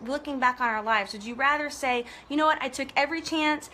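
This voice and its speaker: A woman with a bright, fairly high voice talks straight to her viewers in a casual live video. She is earnest and motivational, and she keeps things chatty. A faint hum of noise sits behind her. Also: fairly quick. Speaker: online business coach.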